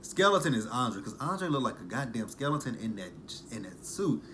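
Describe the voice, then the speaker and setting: A man's voice: mid-range voice, sing-song, moderate pace, sharp tone, a little hiss or hum. A man hosting a casual reaction vlog, chatty and sarcastic, with some cursing. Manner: chatty, sarcastic, uses profanity. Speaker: reality TV recap host.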